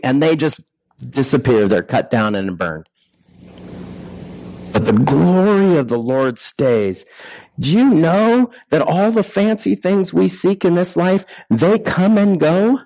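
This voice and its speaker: A man's voice: on the high side, animated, a little slow, warm tone, rough recording. A man preaching a sermon in a conversational way, full of rhetorical questions and restarts. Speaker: pastor.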